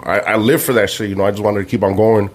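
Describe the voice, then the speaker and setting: A man's voice: on the low side, little pitch movement, quick pace. A man chatting easygoingly as a guest musician, slipping into Spanish now and then. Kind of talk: casual chat.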